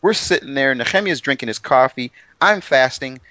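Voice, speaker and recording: A man co-hosting a Bible study show, telling stories with excitement and frequent laughter. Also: mid-range voice, normal speed, dry recording. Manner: excitable, laughs often, animated storytelling. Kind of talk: enthusiastic Bible study chat.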